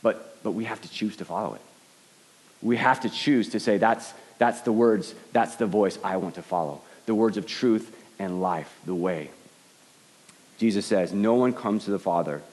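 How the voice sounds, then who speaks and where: A man's voice: on the low side, a little mellow. A man giving an earnest sermon as a pastor, often stumbling and repeating words as he starts a thought. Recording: long hall reverb.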